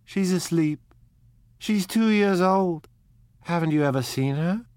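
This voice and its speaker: A man's voice: a little slow, a little mellow, no room sound. A man doing a gushing, giddy young woman. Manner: high, gushing and ecstatic.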